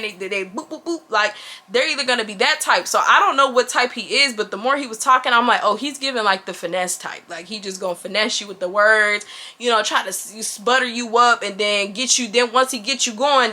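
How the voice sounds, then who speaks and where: Bright-voiced chatty young woman. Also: a little high. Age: 20s. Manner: chatty and animated, addresses viewers as y'all, slangy. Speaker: vlogger. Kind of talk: casual storytime chat.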